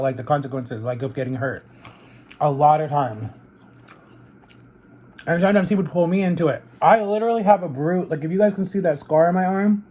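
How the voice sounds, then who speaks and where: A man's voice: fairly high pitch, a little mellow. A man vlogging in a casual, rambling storytelling way while he eats, leaning heavily on fillers like "like" and "literally.". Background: eating on camera between sentences.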